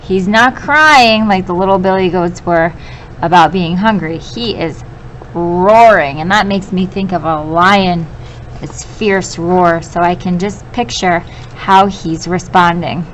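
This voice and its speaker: A woman teacher reading a story aloud to children and pausing to explain vocabulary, patient and clear. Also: on the low side, slight background noise, low-quality recording.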